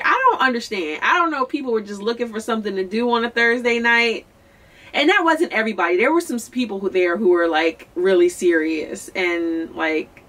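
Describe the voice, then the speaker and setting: Chatty woman vlogger from Philly. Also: medium pitch. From Philadelphia, USA. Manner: chatty, candid, animated, quotes people in lively voices. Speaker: singer-songwriter vlogger. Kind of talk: casual storytelling to camera.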